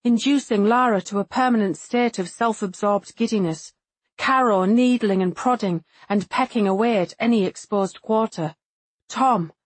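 A woman narrating a first-person audiobook in a measured, introspective way, lightly voicing the other characters. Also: medium pitch, no echo.

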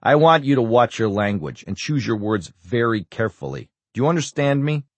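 A man's voice: mid-range voice, expressive, fairly quick, no echo, voice pushed up, natural voice. A man reading an audiobook, voicing a furious, imperious older male senator who barks scornful demands. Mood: stern.

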